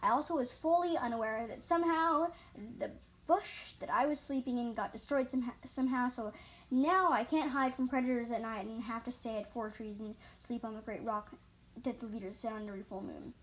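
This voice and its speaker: A woman's voice: on the high side, brisk, low-quality recording. A woman reading her own story aloud, often tripping over words and correcting herself. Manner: frequent slips and self-corrections. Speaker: reader.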